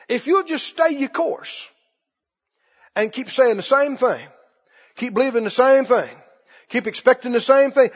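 High husky-voiced preacher in echoing hall. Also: male voice. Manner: emphatic, repeats phrases, calls for congregation response. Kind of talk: sermon. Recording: dull lo-fi with long hall reverb.

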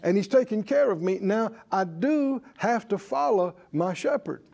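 A man's voice: high voice, lively intonation, measured pace, creaky, darkish tone. A man preaching a sermon to a congregation, emphatic and leading them in call-and-response. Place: church service with congregation.

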